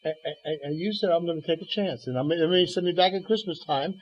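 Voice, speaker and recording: A man's voice: fairly high pitch, quick pace. A man preaching on a radio program, telling Bible stories with quoted dialogue and stammered restarts. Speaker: guest preacher. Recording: dull lo-fi radio broadcast.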